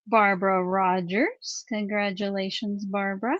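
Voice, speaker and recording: A woman co-hosting a crafting livestream in a casual, chatty way, answering viewer questions and announcing giveaway winners with drawn-out reveals. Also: mid-range voice, a bit bright, dry recording. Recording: slightly muffled dry livestream audio.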